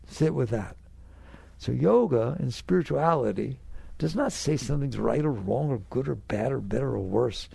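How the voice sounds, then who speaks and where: A man's voice: mid-range voice, lively intonation, normal speed, creaky, dark tone, breathy edge, no room sound. A man teaching on spirituality in a casual, earnest way, repeating phrases to press his point and acting out anxious inner voices. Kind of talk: conversational spiritual talk.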